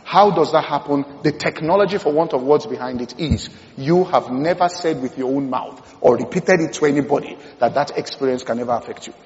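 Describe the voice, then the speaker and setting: A man preaching a sermon, emphatic, repeating key phrases and swinging between loud and hushed delivery. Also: medium pitch, brisk, few pauses, slight background noise. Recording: dull sound in a long-reverb hall.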